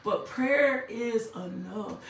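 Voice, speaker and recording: A woman's voice: fairly high pitch, slow, a bit bright. A woman preaches with fervent conviction, circling back to the same phrases to drive them home. She sounds set back from the microphone, her voice ringing in an echoey room with faint background noise. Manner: fervent, repeats phrases for emphasis. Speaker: minister. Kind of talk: testimony and prayer. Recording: echoey room, mic at a distance.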